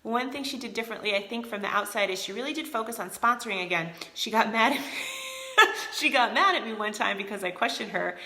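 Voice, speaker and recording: Woman, motivational team leader, live video chat. Bright, peppy tone, noticeable room echo. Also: on the high side, fast. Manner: energetic, motivational, talks to viewers by name. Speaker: team leader of a direct sales group.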